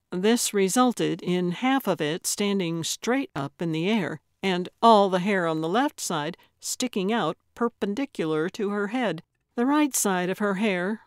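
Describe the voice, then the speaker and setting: Slow, measured woman audiobook narrator. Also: mid-range voice, dry recording, clean studio sound. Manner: measured storytelling. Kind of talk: scripted narration.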